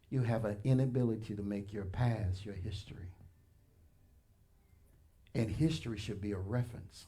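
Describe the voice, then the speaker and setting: A man pastor preaching a sermon in a church, animated and colloquial, addressing the congregation directly with punchy asides. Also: fairly low pitch, normal speed, pauses often. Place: church sanctuary.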